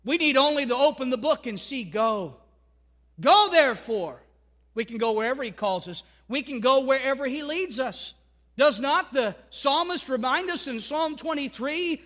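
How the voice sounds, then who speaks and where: A man's voice: very high-pitched, expressive, normal speed, a bit bright. A man preaching a sermon as pastor, building his points through emphatic repeated declarations.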